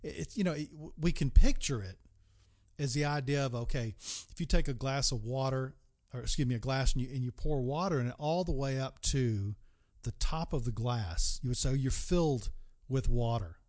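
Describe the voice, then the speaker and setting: A man preaching a Bible sermon in an earnest tone. He puts direct questions to the listener and slowly stretches key words for emphasis. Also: medium pitch, darkish tone.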